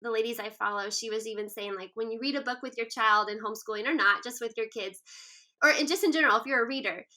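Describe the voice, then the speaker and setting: A woman's voice: fairly high pitch, quick pace, sharp tone. A woman in her thirties, a guest author, talking in an earnest, reflective way with frequent "um" and "like" fillers. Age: 30s. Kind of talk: casual interview conversation.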